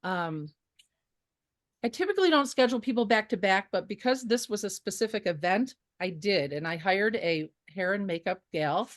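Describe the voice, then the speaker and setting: A woman photographer, a guest on an interview show, telling stories in a casual, animated way with many fillers and restarts. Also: medium pitch, normal speed, dry recording, clean studio sound.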